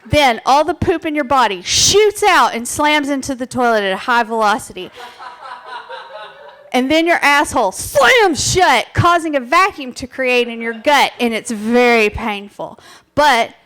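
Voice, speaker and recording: Woman comic presenter with a high voice, playful and crude, banters with a bar crowd. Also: animated, measured pace, fairly bright tone. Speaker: presenter at a live bar show. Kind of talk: comic stand-up talk. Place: bar stage with live audience.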